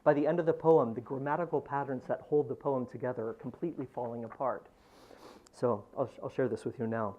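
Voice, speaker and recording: A man giving a university talk and poetry reading, halting with frequent ums and restarts, getting louder and livelier as he reads. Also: mid-range voice, dull audio. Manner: lively, swells in volume when reading poem lines. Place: lecture room.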